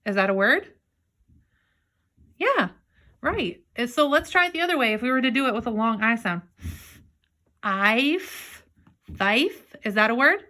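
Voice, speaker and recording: A woman teacher giving a remote phonics lesson to young children, patiently sounding out words slowly and praising answers. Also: fairly high pitch, animated, pushed and bright. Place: home, downstairs room.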